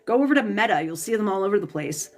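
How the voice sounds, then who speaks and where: A woman's voice: medium pitch, lively intonation, quick pace, darkish tone, soft background music. A woman reading tarot on a livestream, venting heatedly and profanely as she answers viewers' comments, stumbling and restarting her sentences. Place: home, Pacific time zone.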